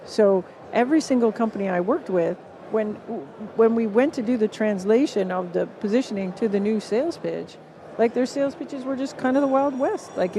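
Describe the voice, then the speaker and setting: Canadian woman guest, mellow tone, animated talker who acts out quotes, live conference podcast stage, faint background noise. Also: medium pitch, a little fast. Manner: animated, acts out what others say. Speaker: guest author.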